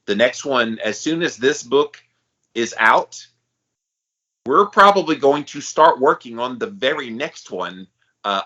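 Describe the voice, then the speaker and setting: Middle-aged man, podcast co-host, bright forceful voice, hype-man energy, muffled sound. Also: fairly low pitch. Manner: enthusiastic hype-man delivery. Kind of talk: casual podcast chat.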